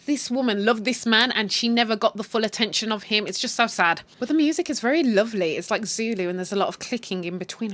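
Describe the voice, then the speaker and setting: A young adult woman retelling a TV series in a casual, animated, slangy way. She swears freely and laughs along with her own commentary. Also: on the high side, fast, few pauses. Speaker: show recap host. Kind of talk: casual spoken story recap.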